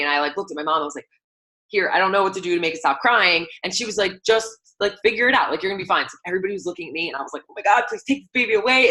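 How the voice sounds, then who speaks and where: A woman's voice: on the low side, bright, forceful tone. A young woman coaching her team on a call, talking in a chatty, upbeat way with lots of "like" and "um". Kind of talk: motivational team call talk.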